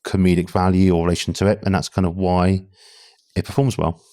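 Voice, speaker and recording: A man from the UK talks frankly as a podcast guest, his voice very low with a gravelly, fry-laden edge. The recording is dry and close. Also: flat delivery, fairly quick, warm tone, no room sound. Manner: candid, conversational, frequent restarts. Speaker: podcast guest, talent acquisition head. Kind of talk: casual interview chat.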